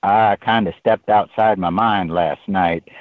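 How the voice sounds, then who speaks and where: Guy doing his gruff proud neighbor, low drawly grumble, dry tinny sound. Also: fairly even intonation, a little slow, no echo, natural voice. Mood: grumbling. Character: gruff hungover male neighbor, stubborn and proud. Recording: tinny phone-like line.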